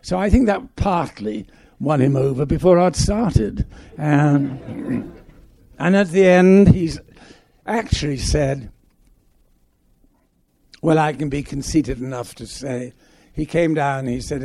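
Older gravelly-voiced English actor reminiscing. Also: male voice, fairly high pitch, animated, dark tone, no echo. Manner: reminiscing, halting with restarts. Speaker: guest actor. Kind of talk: anecdotal stage conversation.

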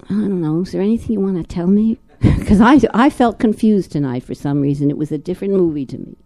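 Older woman from New Jersey, guest actress at a Q&A; deep mellow tone, rambling storyteller full of restarts. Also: fast. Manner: rambling, frequent restarts and repeated words. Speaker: guest actress at a film screening talk. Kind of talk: personal storytelling in a live Q&A.

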